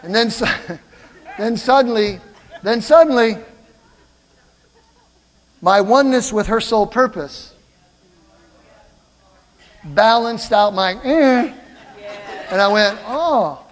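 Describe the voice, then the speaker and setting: An older man preaching a sermon, telling stories in an animated way and calling out to the congregation. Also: high-pitched, takes it slowly, long pauses, long reverb tail, some chatter behind. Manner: animated storytelling, calls out to the congregation. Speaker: pastor. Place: church.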